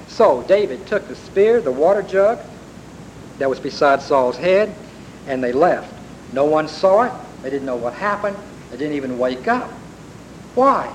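A man's voice: fairly high pitch, animated, normal speed, rough recording. A man preaching a sermon, retelling a story with emphatic rises and repeated words. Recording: faint background hiss.

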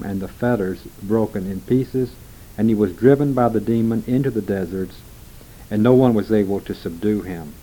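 A man reading scripture aloud in a steady, measured way. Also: lowish voice, low-quality recording. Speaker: scripture reader.

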